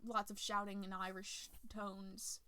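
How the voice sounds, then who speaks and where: A woman's voice: mid-range voice, level tone, a little slow, pushed and bright. A woman hosting a podcast, casually retelling a movie's plot in a rambling way, restarting often and acting out the characters' lines. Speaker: podcast host.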